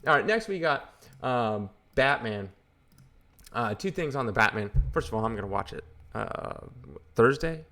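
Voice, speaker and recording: A man's voice: mid-range voice, lively intonation, unhurried, fairly bright tone. A man hosting a comic book channel, ranting in casual, exasperated and sarcastic commentary.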